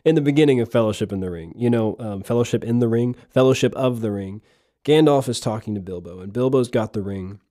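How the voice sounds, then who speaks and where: Male podcast host, mellow tone, rambling casual talk, dry close sound. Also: mid-range voice, fast, no echo. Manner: rambling, repeats words and restarts. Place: lives in Missouri.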